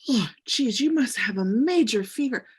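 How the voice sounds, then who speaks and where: A woman's voice: fairly high pitch, expressive, moderate pace, slightly rough. A woman reading the part of an anxious young woman who speaks in urgent exclamations. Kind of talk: amateur script reading.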